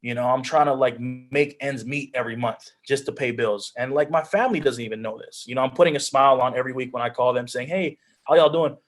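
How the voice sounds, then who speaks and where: A man's voice: medium pitch, quick pace, hardly any pauses, fairly bright tone. A young man in the middle of his vocal range tells his story over a video call. He speaks with earnest, heartfelt conviction, restarting sentences and filling gaps with "like" as he works through it. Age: young adult. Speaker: guest speaker, pro football player. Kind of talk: personal storytelling on a group call.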